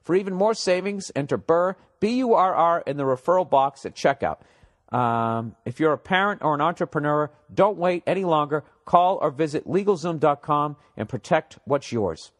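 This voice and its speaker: Animated man hosting a podcast, raspy. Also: fairly high pitch, moderate pace. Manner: loud, animated, jokey, swears freely. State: slightly cracking voice. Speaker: podcast host. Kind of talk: casual podcast monologue with ad read.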